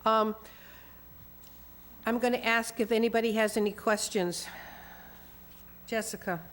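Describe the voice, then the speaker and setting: A woman chairing a town commission meeting, brisk and procedural as she runs motions and swears in speakers. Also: fairly high pitch, fairly even intonation, fairly bright tone.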